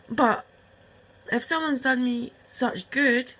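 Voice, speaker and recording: A woman's voice: high voice, fairly even intonation, normal speed, gravelly, sharp tone, low-quality recording. A woman, upset and close to tears, rambling heartfelt words straight to her estranged sister in a personal video message. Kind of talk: emotional personal message to camera.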